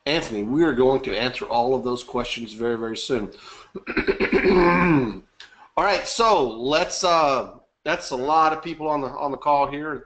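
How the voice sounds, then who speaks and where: A man's voice: medium pitch, a bit bright. A man hosting a live webinar, chatty and upbeat, greeting attendees by name and joking. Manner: upbeat, chatty, reading names aloud and joking. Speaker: webinar host.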